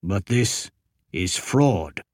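Rigid young warrior, clipped and tightly controlled, voiced by a male narrator, low and dry. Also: animated, extremely slow, darkish tone, no room sound, full character voice. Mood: restrained. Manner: clipped, restrained, through gritted teeth.

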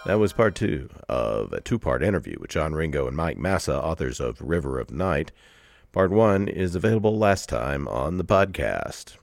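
A man hosting a podcast, introducing segments in a measured announcing voice. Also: rumbling low, big pitch swings, creaky, over loud music. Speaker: podcast host. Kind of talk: scripted podcast narration.

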